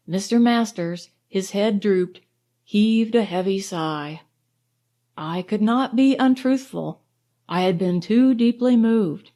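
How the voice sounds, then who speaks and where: A woman narrating an audiobook in a measured, expressive storytelling manner. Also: medium pitch.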